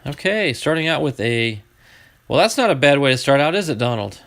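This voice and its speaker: A man hosting a casual card-opening stream, chatting to his viewers as he flips through each card. His pitch rises and falls a lot, and he gets excited over good pulls. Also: brisk. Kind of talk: live card-opening chat.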